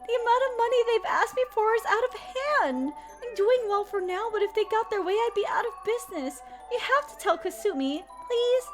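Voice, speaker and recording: A woman puts on a gentle, soft-hearted cat cafe owner from a game, anxious and pleading. The voice rides high above her usual one and swings a lot in pitch, with faint music behind. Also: lively intonation, moderate pace, few pauses.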